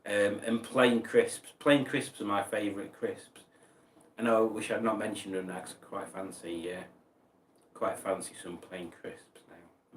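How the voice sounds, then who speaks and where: This man's lowish voice stays fairly even and unhurried as he reads stream chat and rambles with mock outrage. He's off mic in an echoey room with slight background noise.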